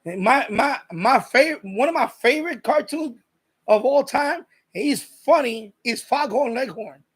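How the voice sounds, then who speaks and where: A man's voice: extremely high pitch, expressive, unhurried, fairly bright tone, breathy edge. A man hosting a live stream, chatting casually and rambling, repeating himself and reading viewer comments aloud.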